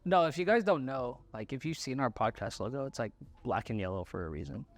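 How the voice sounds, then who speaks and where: A man's voice: medium pitch, lively intonation, brisk. A young man co-hosting a podcast in casual chat, loose and laughing, full of fillers and restarts. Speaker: podcast co-host.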